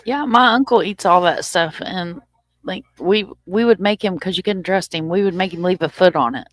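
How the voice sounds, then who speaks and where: A woman's voice: lowish voice, moderate pace, dry recording. Blunt chatty woman co-host. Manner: blunt, chatty, swears casually. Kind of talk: casual livestream chat.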